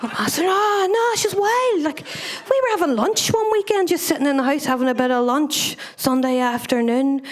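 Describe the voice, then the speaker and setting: A woman's voice: high-pitched, fairly quick, few pauses, a little hiss or hum. A young woman performing stand-up comedy on a club stage, chatty and self-mocking, swearing freely and laughing at her own lines.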